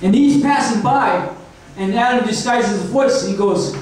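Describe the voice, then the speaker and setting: A man's voice: high voice, moderate pace. A man doing crude, rambling stand-up comedy, checking in with the crowd with a constant "right?". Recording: echoey room from far off, faint noise.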